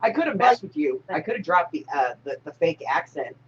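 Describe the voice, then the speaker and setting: A woman hosting a casual live-stream chat, laughing loudly and often. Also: low-pitched, brisk, breathy edge, dull audio. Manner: loud laughing, animated. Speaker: host.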